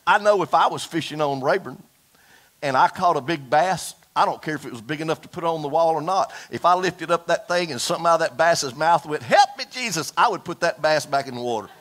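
A man preaching a fiery sermon to his congregation, folksy and animated, calling out for amens. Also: fairly high pitch, a little fast. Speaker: pastor. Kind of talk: impassioned Pentecostal-style sermon. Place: church service before a congregation.

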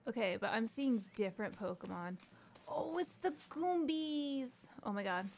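Excitable high-voiced woman gaming. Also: unhurried, noisy background. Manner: excitable, yelps and swears at the game. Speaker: streamer playing a video game. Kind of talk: live gameplay commentary.

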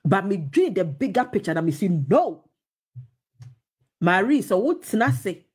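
A woman's voice: medium pitch, sing-song, a little slow, a little mellow, slightly rough. A woman with a Ghanaian accent giving opinionated TV commentary, switching between English and Twi with emphatic, mocking remarks.

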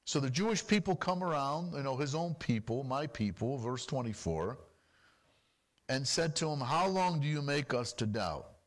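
A man preaching a sermon as pastor, animated and full of rapid rhetorical questions. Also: mid-range voice.

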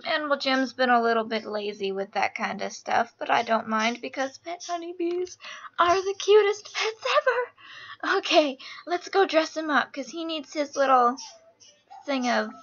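A young woman host giving casual, excitable gameplay commentary, gushing and giggly. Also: high-pitched, moderate pace. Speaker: gaming channel host. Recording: lo-fi screen-capture audio over game music.

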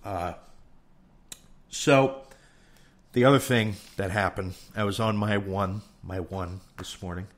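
A man's voice: fairly low pitch, steady tone, slow, long pauses. A young man, hosting a podcast with a rambling, swearing, self-deprecating comedic rant. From New York. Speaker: podcast host.

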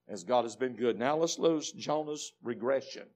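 A man with a Southern American accent preaching a dramatic Baptist sermon, dropping to low murmurs and rising to shouts. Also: moderate pace. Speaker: pastor.

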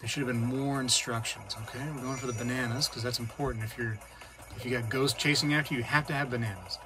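A man hosting a casual hobby vlog, chatting and reacting out loud while he plays a game. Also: medium pitch, steady tone, fast, faint music behind. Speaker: coin-collecting channel host.

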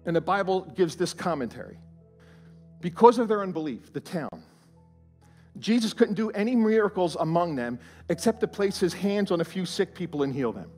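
A man with a high voice preaching a sermon, animated and swinging from hushed asides to loud, rising emphasis. Faint music plays softly behind him. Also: normal speed. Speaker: pastor. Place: church auditorium.

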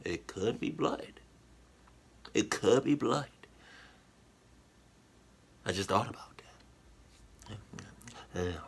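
A man hosting a reaction video, reacting in casual commentary with loud, animated exclamations and slang. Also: on the low side, extremely slow, gravelly, pauses often, slight background noise.

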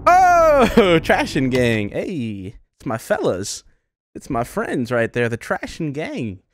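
A man playing a VR game and giving casual, excitable, self-mocking commentary. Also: medium pitch, slow, a little hiss or hum. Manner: excitable, self-mocking, frequent laughs and exclamations. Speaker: gaming YouTuber. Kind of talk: casual let's-play commentary. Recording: commentary over loud game music.

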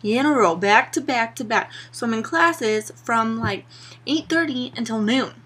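A woman's voice: on the high side, animated, unhurried, a bit bright, husky. A young woman vlogging to her camera, a sarcastic and exasperated rant full of "like" and "you know". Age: young adult.

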